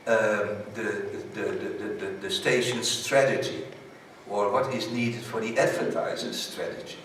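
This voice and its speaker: A man whose first language is Dutch presents at a conference in English, driving home short, slogan-like points. He sits at an ordinary pitch and is heard from a distance in a very echoey hall, with faint room ambience. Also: measured pace, a bit bright, a little hiss or hum. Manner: emphatic, slogan-like summing up. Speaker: conference speaker. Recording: echoey hall, speaker far from mic.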